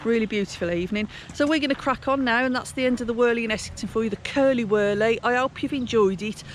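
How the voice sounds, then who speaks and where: A woman's voice: on the high side, quick pace, a little hiss or hum. A chatty woman with a Black Country accent talks casually to camera outdoors on a canal towpath. She rambles, stops and restarts her sentences, and fills the gaps with plenty of ums. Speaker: cycling vlog host. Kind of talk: casual outdoor vlog chat.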